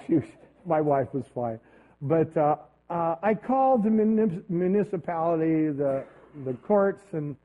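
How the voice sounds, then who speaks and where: High-voiced preacher on tinny lo-fi audio. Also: male voice. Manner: conversational, storytelling, halting restarts. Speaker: pastor. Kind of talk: sermon with personal story.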